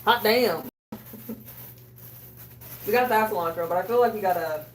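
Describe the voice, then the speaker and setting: A woman hosting a cooking livestream, chatting casually, loud, joking and swearing with her chat. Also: mid-range voice, moderate pace. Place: small bathroom. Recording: echoey room, a bit distant.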